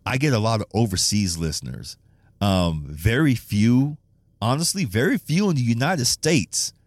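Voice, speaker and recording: A man's voice: mid-range voice, sing-song, moderate pace, no room sound, clean studio sound. A man hosting a casual solo podcast, rambling and swearing, laughing often and restarting his sentences. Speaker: podcast host.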